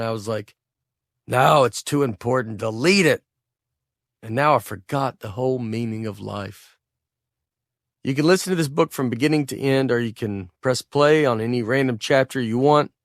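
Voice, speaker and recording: Man with a Southern accent, deadpan audiobook storytelling, mid-range voice, dry booth sound. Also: medium pitch, no echo. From Tennessee. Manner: laid-back, deadpan storytelling. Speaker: author narrating his own audiobook. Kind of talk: humorous audiobook narration.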